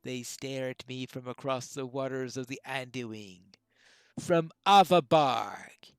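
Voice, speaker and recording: A woman voicing a grieving widow haunted by a beast, reading game dialogue in a solemn, hushed way. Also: rumbling low, slow pace, clean tone, dry recording, pitched below the performer's own voice, exaggerated voice. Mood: grave, pleading.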